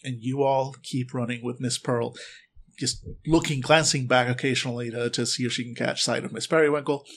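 A man's voice: mid-range voice, steady tone, a little fast, a bit bright. A man running a tabletop game as game master, narrating in a rambling way with many ums and restarts.

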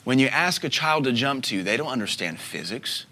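A man in his thirties preaching a sermon as a pastor, telling stories with soft asides and sudden loud bursts. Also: mid-range voice, big pitch swings, a little fast. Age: 30s.

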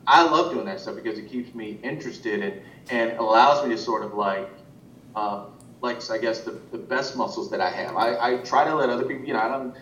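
A man's voice: a little fast, a bit bright, recorded from a distance. Rambling male animation director, roomy sound. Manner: rambling, many restarts and fillers. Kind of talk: casual interview talk. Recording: roomy, muffled sound from off-mic with faint rumble.

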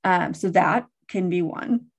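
A woman in her thirties, explaining child coping ideas in a casual, animated way and acting out what she says to kids. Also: lowish voice, unhurried, husky. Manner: animated, acts out quoted lines to kids. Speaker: guest expert on child coping.

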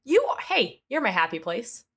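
A woman's voice: fairly high pitch, sing-song, normal speed, noisy background. A woman hosting a solo news podcast, sarcastic and exasperated, breaking into jokey asides as she rants about politics. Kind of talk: comedic solo news commentary.

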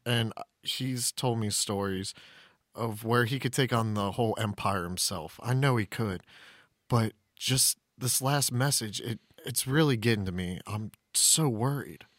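A man's voice: lowish voice, a little slow, fairly bright tone, dry recording, clean studio sound. A man playing an anxious thirteen-year-old boy sorcerer, speaking earnestly and hesitantly. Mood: worried.

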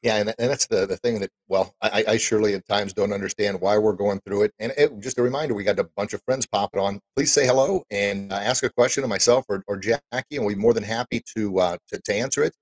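A male podcast host with a lowish voice who talks quickly. He is chatty and encouraging as he draws out his guest. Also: rough recording. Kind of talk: casual interview chat.

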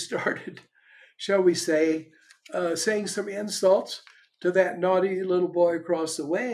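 Older man, spiritual teacher, slightly high voice, frank, conversational, storytelling, pauses. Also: creaky.

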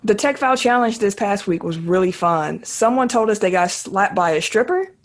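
A man hosting a relaxed podcast. He keeps the show moving, leads into each segment and reads shout-outs to listeners in an easy, conversational way. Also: high voice, moderate pace. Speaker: podcast host. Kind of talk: casual podcast chat.

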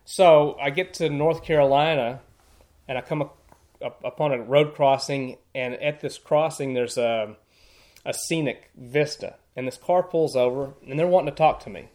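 A man's voice: mid-range voice, moderate pace, darkish tone. A man, a guest on a podcast, telling trail stories in an earnest, plainspoken way, often restarting his words as he thinks. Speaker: podcast guest, thru-hiker. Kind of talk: casual storytelling.

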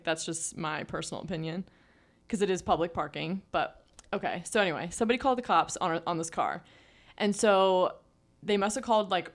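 Chatty young woman telling a story. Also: lowish voice. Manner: chatty storytelling with many "like" fillers. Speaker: podcast co-host. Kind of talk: casual chat.

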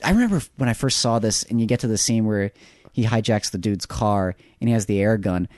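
A man's voice: on the low side, fairly quick, darkish tone, no echo, clean studio sound. A man co-hosting a podcast, chatting casually about films into a microphone, often trailing off and restarting his sentences. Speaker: podcast co-host. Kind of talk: casual film discussion.

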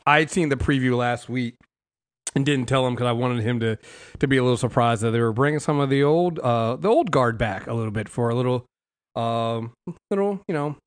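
A young adult man hosting a casual TV recap show, talking in a lively, rambling way full of fillers and restarts. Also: mid-range voice, fairly quick. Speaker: podcast host.

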